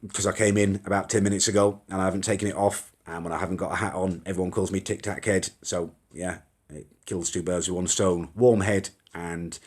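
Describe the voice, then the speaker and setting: Hosting a casual live stream on what sounds like a phone or webcam, a young man with a fairly low voice and a breathy edge chats and rambles. He reads out viewer comments, responds as they scroll by, and lets some mild swearing slip.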